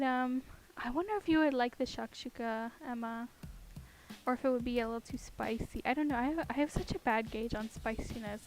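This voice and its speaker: A young woman chatting casually at her home desk while she carves pumpkins. She rambles and giggles, with lots of fillers. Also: on the high side. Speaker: streamer.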